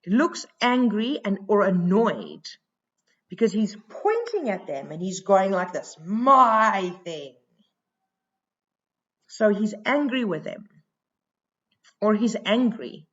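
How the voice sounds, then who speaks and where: A woman teacher talks slowly through a recorded lesson, thinking aloud and filling her pauses with "um". Her voice sits at an ordinary pitch. The sound is a bit dull and lo-fi. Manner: slow, thinking aloud with many fillers.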